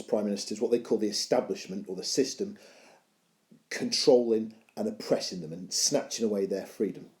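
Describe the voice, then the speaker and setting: A man's voice: lowish voice, a little mellow, reverberant. A male teacher giving a video lesson on poetry analysis, explaining with playful, self-mocking humour.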